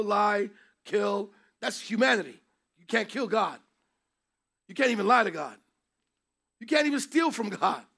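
Male Bible teacher, very high gravelly voice, emphatic preacher delivery. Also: sharp tone. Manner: emphatic, preacherly, takes questions from class. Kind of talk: interactive Bible class teaching.

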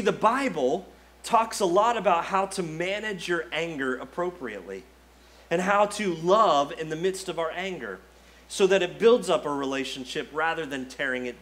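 A male pastor delivering a sermon in a lively, conversational way, often saying "like" and acting out the quotes he reads. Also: high voice.

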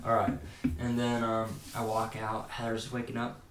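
A man's voice: on the low side, monotone, normal speed, fairly bright tone. A young man co-hosting a podcast, telling a rambling daydream story in a laughing, casual way. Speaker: podcast co-host. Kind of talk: casual chat. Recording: roomy with faint noise.

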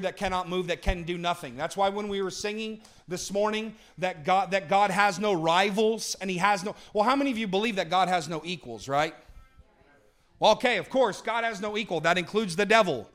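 A man preaching a sermon, moving from booming to hushed and asking the congregation to answer back. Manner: dynamic, swings from booming to hushed; talks with the congregation, asks for responses.

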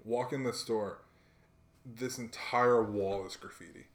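A young man talks easily in a roomy-sounding room, his voice at an ordinary middle pitch. He tells stories in a loose, slang-filled way and turns lively when he acts out what others said. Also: unhurried. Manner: laid-back slang-heavy storyteller, animated when quoting people. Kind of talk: casual chat, storytelling.

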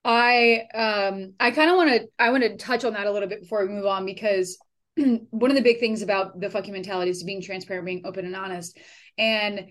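A woman's voice: medium pitch, a little fast, a bit bright. A woman hosting a podcast, chatting casually with loose swearing and lots of fillers and restarts. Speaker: podcast host.

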